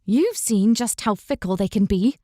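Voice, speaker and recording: A woman voicing a spirited, quick-tempered young noblewoman in an audiobook, sharp and indignant. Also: medium pitch, lively intonation, no echo, clean studio sound, close to an everyday voice.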